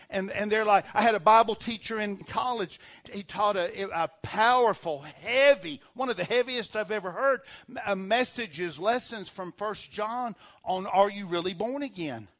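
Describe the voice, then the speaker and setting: A man in his sixties preaching a sermon as pastor, earnest, with restarts and slow, dramatic emphasis on scripture. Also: high voice, a bit bright.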